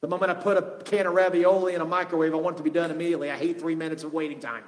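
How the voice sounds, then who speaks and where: Brief: man pastor, high voice, impassioned sermon, long hall reverb. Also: level tone, racing. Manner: impassioned, shifting from loud to hushed.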